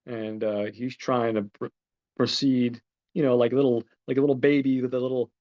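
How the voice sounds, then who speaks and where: A man's voice: mid-range voice, fairly even intonation, brisk, a little mellow. A man hosting a podcast, retelling a film's plot in a rambling, casual way with lots of fillers and swearing. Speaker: podcast host. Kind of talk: casual film recap. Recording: dull lo-fi recording.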